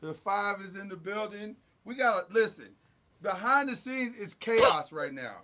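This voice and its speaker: High-voiced man hosting a sports show. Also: measured pace, very noisy. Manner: animated, joking game recap with sound effects. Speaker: sports talk show host. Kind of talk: casual sports talk.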